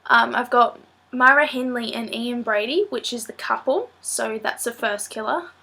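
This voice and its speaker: A teenage girl with a somewhat high voice, talking casually to her camera. She sounds nasal and stuffy from a blocked nose and a sore throat. She rambles along in a chatty way, filling pauses with ums. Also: gravelly, sharp tone, breathy edge. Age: late teens. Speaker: student vlogger. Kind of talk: casual vlog talk to camera.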